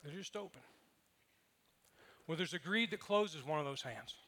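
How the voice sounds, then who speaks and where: A man's voice: a little high, animated, moderate pace, bright, forceful tone. A man preaching a sermon as pastor, telling funny personal stories and acting out what people said. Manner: humorous storytelling with acted quotes.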